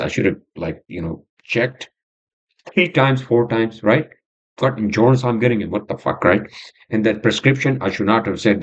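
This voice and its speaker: A worked-up man vents in a rambling podcast monologue, swearing and stumbling over fillers. His pitch leaps high when he gets angry and sinks low when he apologizes. The recording sounds a little dull and lo-fi. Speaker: podcast host. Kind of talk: frustrated monologue.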